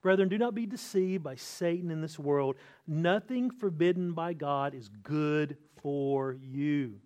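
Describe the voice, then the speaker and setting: A middle-aged man preaching a sermon as a pastor, earnest, slowing down and lifting his voice on key words. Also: fairly high pitch, darkish tone, muffled recording. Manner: earnest preaching, slows and lifts voice for emphasis.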